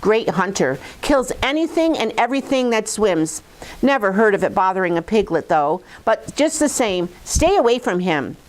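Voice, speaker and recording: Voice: medium pitch, big pitch swings, normal speed, close to an everyday voice. A woman voicing a caring, cautious female duck who warns her friend, in a storybook reading. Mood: warning. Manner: warning, protective.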